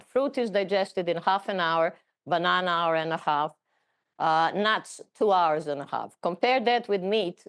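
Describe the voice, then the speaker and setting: A middle-aged woman telling her personal story in a conversational talk, often halting and repeating words. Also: lowish voice.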